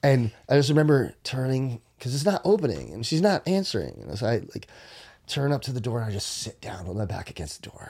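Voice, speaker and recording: A man telling a long profane story in casual podcast talk, animated, dropping to whispers and jumping high to quote people. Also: fast, husky. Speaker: podcast guest.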